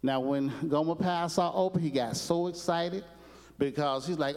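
Storytelling preacher in a reverberant hall. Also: male voice, a little high, moderate pace, a little mellow. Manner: storytelling, repetitive, conversational. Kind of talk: sermon.

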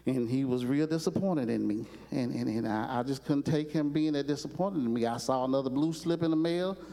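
A man's voice: mid-range voice, fairly quick, gravelly, mellow, in a large hall, natural voice. A man voicing a hesitant runaway boy. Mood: sheepish. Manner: hesitant, stammering. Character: troubled young boy who ran away.

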